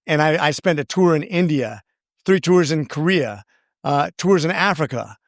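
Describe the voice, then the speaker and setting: A man's voice: a little high, expressive, moderate pace, no room sound, clean studio sound. A man being interviewed as a congressman, telling his story in an earnest, rambling way with many restarts. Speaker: congressman guest.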